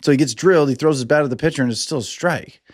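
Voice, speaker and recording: A man hosting a sports podcast in casual, profane commentary, acting out players in quick put-on voices. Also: on the high side, no room sound, clean studio sound. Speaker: podcast host.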